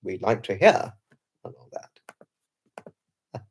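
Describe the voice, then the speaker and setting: A man with a deep, creaky, sing-song voice speaks very slowly over slight background noise while hosting a casual livestream. He reads viewer comments aloud and answers them politely in slightly formal wording, repeating phrases, restarting, chuckling often, and offering many thanks and hellos.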